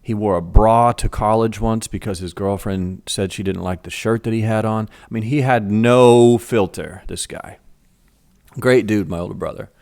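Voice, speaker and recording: A middle-aged man telling a story from his school days in a casual, animated way. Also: on the low side, normal speed, vocal fry. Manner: animated, acts out voices in quotes. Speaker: vlogger telling a childhood story.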